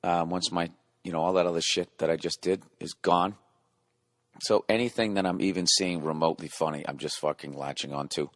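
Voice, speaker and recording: Man, middle-aged, podcast host, rambling, profane, sarcastic, lowish voice, dry sound. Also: fairly even intonation, fairly quick, no echo. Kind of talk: solo podcast monologue.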